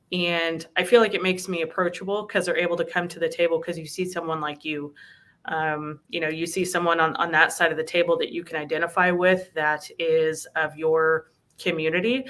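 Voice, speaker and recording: A woman speaks earnestly as a guest in an interview, sprinkling her talk with "um" and "you know". Her voice sits a little low yet sounds bright and forceful. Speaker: bank recruiter. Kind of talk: conversational interview.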